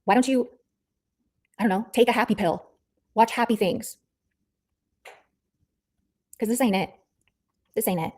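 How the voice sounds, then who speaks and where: A woman's voice: fairly high pitch, unhurried, pauses often, a little mellow. A woman livestreamer ranting in a heated callout, blunt and profane, repeating herself as she scolds someone. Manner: angry, blunt, profane, repetitive.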